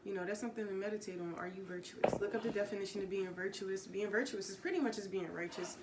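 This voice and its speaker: A woman giving a relaxed, casual Bible teaching from home, rambling with fillers and self-corrections. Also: mid-range voice, fast talker, roomy sound, heavy background noise. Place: home room with pets.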